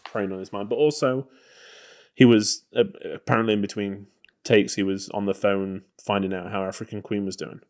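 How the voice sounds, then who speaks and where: A man's voice: on the low side, steady tone, normal speed, darkish tone. A man co-hosting a podcast, talking casually about a film in a loose, hedging way. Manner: loose and hedging, full of "you know" and "kind of". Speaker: podcast co-host.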